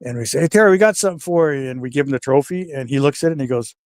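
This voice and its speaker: A retired pro wrestler, appearing as an interview guest, tells stories in casual conversation, speaking very fast in a mid-range voice with hardly any pauses. He's an animated storyteller who acts out the voices of people he quotes and swears freely; the audio is studio quality with no room sound.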